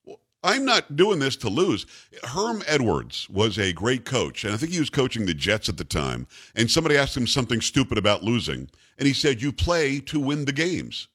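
A male talk radio host with a lively, swinging pitch. He argues by firing rhetorical questions at his co-host. He leans hard on his points. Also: a little fast, slightly rough.

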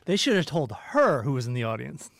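A man co-hosting a podcast, chiming in with quick reactions and jokey asides to a guest's story. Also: medium pitch, sing-song, vocal fry, no echo. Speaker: podcast co-host. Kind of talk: casual chat.

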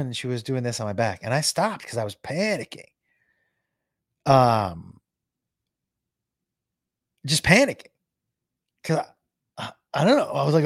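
A man hosting a livestream, telling a story to his chat in a casual, halting way full of restarts and fillers. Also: medium pitch, lively intonation, dry recording, clean studio sound. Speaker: livestream host.

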